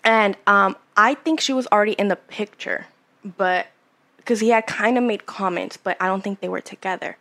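A woman's voice: medium pitch, normal speed, pushed and bright. A young woman in her twenties chatting casually on a podcast, candid and rambling, swearing freely as she tells a personal story. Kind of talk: casual chat.

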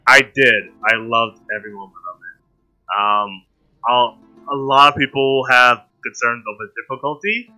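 A man's voice: medium pitch, unhurried, sharp tone, soft background music. A man chatting casually on a podcast, stumbling over his words with many fillers.

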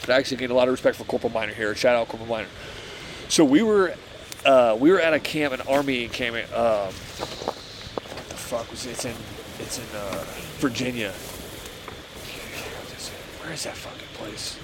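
A man's voice: medium pitch, normal speed, long pauses, noisy background. Young man swearing through a rambling campfire story. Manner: laid-back, swears a lot, says "like" and "bro" often. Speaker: former Marine telling a story. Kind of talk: casual storytelling around a campfire. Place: outdoors at a night campfire.

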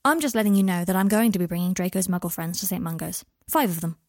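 A woman's voice: fairly low pitch, expressive, quick pace, darkish tone, no echo, clean studio sound. A woman voicing a young adult male wizard in a storybook reading, protective and defiant, blunt when pressed.

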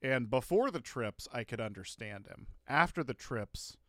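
A man co-hosting a casual comedy podcast, ranting emphatically with profanity and sudden loud bursts. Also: medium pitch, animated, moderate pace, no echo, clean studio sound. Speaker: podcast co-host.

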